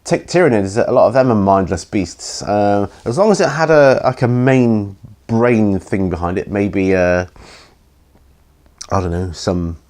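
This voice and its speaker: A tired man hosting a hobby Q&A, rambling and hesitant with many pauses and ums, yawning as he goes. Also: fairly low pitch, a little mellow. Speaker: hobby channel host answering viewer questions. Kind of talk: casual Q&A chat.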